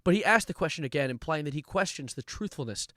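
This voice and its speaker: A man's voice: fairly high pitch, expressive, fast talker, fairly bright tone, dry recording, studio quality. A man streaming a comedic lyric breakdown in a mock-serious manner, breaking into laughs and yelps.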